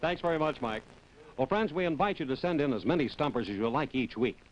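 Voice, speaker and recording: A man reading the announcements and prize copy for a 1960s television game show in a polished, smooth sales style. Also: mid-range voice, expressive, fast, slight background noise. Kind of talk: scripted announcer read. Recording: lo-fi 1960s TV broadcast.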